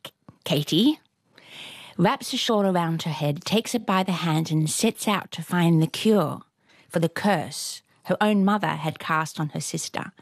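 A woman retelling a folktale aloud in a lively, rhythmic way, with a husky voice. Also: fairly low pitch, measured pace, dry recording. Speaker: storyteller. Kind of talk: oral folktale telling.

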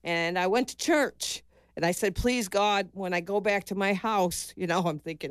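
Older US woman, ex-boxer, interview guest; earnest, halting, repeats herself, dry close mic. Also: medium pitch, smooth, no room sound. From United States. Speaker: interviewee, former amateur boxer. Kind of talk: emotional personal recollection.

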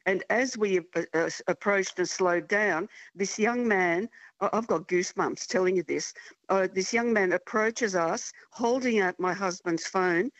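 A woman's voice: medium pitch, unhurried, no echo. An older woman on a muffled, dull phone line, telling her tale in a chatty, stop-and-start way. Her voice sounds close and dry, with no room around it, and she keeps circling back with ums and small restarts. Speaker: caller. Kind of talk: phone-in storytelling. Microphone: telephone.

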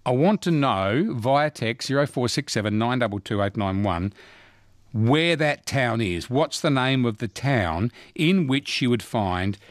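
A man's voice: measured pace, no echo, studio quality. Upbeat Australian male radio host. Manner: chatty, jumps to high excited pitch when cheering callers. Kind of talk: talkback radio quiz. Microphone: studio microphone.

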